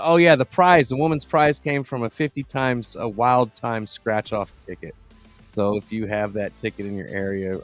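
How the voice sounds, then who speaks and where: A man co-hosting a casual podcast, reading out a news story and chatting loosely with lots of laughs. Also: lowish voice. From Texas. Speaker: podcast co-host. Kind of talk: casual live-stream chat.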